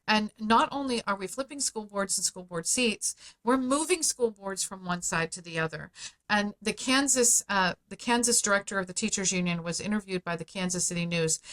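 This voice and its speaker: A woman's voice: medium pitch, a bit bright. A middle-aged woman speaking as a guest on a podcast interview, talking in an emphatic, persuasive way and leaning on key words. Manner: emphatic, persuasive, speeds up and slows for stress. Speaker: guest, founder of a parents' advocacy group.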